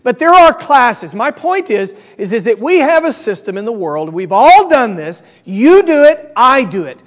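A male preacher delivering a sermon, animated and coaxing the audience to repeat lines after him. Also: very high voice, moderate pace, in a large hall.

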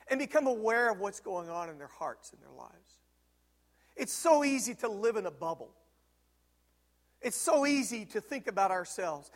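A male pastor preaching a sermon, telling stories with emphatic swings from loud peaks to quiet, low moments. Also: in a large hall. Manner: storytelling, emphatic, rises to loud peaks then drops low. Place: church sanctuary.

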